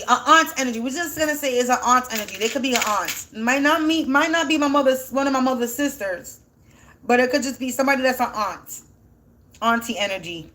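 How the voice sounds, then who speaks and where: High-voiced woman spiritual reader, teary-sounding, rambling self-questioning chat. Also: fairly bright tone. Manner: rambling, asks and answers her own questions. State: voice sounds teary, like near crying. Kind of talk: casual spiritual reading, thinking aloud.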